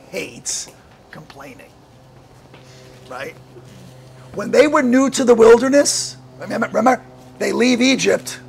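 Male pastor, sermon delivery: high, gravelly voice; animated, full of rhetorical questions. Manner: animated, asks the congregation many rhetorical questions; laughs often between points.

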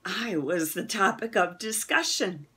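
Woman reader for a children's novel; slow, breathy, animated storytelling. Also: mid-range voice. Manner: expressive read-aloud with voiced characters. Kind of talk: reading a children's novel aloud.

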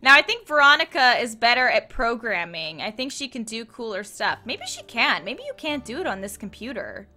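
A woman's voice: a little high, big pitch swings, normal speed, few pauses, pushed and bright. A young woman giving chatty, playful commentary on her gameplay and talking to the characters on screen. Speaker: let's play host.

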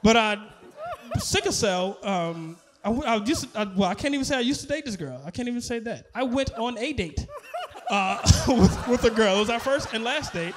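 A man with a very high-pitched voice performs stand-up comedy, acting out conversations as he tells his stories. He keeps breaking into laughter at his own punchlines. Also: moderate pace, noisy background. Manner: animated storytelling, laughing at his own jokes, acting out dialogue.

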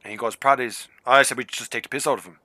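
This is a man chatting casually on a gaming stream, telling stories and swearing freely. His voice is very bright and sits dry and close, with no room echo. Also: mid-range voice, rapid-fire. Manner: swearing, storytelling, excitable. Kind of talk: casual chat among friends.

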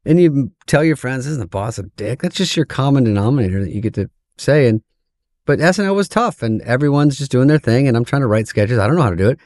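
A middle-aged man, a comedian guest, telling stories in casual chat, profane and animated, acting out quoted voices. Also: medium pitch, fast, no room sound, clean studio sound.

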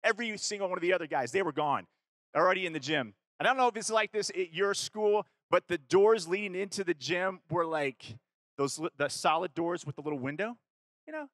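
A Kentucky man with a high-sitting voice talks briskly in a dry recording. Addressing young listeners, he shares a story from his own life, loosely and with fillers, correcting himself and playing out the conversations with animation.

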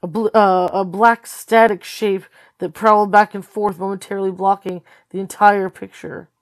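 A woman reading a novel aloud as a tired read-along host, steady with occasional slips and corrections. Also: medium pitch, normal speed, no room sound. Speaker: storybook reader.

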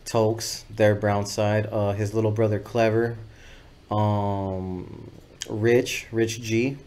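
A man's voice: lowish voice, little pitch movement, slow, a little mellow, a little hiss or hum. A man sits in as a podcast guest, telling a long story in a loose, profane, rambling way. He keeps slipping into other people's voices when he quotes them. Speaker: guest videographer. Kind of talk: casual storytelling interview.

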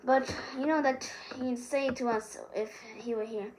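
A woman's voice: sits high, fairly even intonation, a little slow, heavy background noise. A woman voicing an offhand, joking teenage boy wizard in a wry tone.

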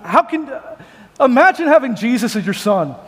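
Male preacher, high-pitched, chatty and joking, big reverberant sanctuary. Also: big pitch swings, moderate pace, fairly bright tone. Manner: joking, conversational storytelling. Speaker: pastor. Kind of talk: sermon. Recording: long hall reverb.

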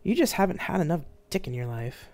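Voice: medium pitch, sing-song, fairly quick, a little mellow. A reader voicing a cruel, bigoted male crew member who speaks with sneering contempt. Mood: taunting. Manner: vicious and contemptuous.

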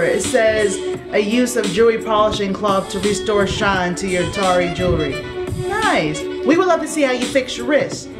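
A young woman in her studio apartment unboxing packages in a casual vlog, playful and slangy, sometimes breaking into song. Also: mid-range voice. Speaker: vlogger.

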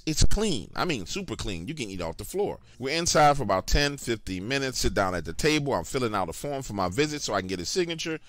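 A man's voice: mid-range voice, fairly bright tone, no echo. A man telling a first-person horror story in a casual, conversational way, talking straight to the listeners.

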